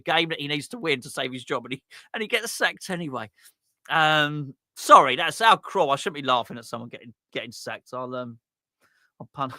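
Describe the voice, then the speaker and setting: Man, fan stream host, rambling chatty talk, bright forceful tone, dry close mic. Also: medium pitch, dry recording. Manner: rambling, self-interrupting, laughs at himself. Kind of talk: casual fan watch-along chat.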